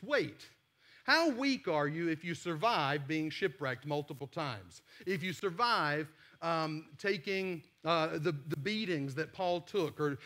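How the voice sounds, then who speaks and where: A pastor with a Southern American accent giving a sermon in a church, conversational and emphatic, asking rhetorical questions. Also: male voice, on the high side, fairly bright tone. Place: church sanctuary.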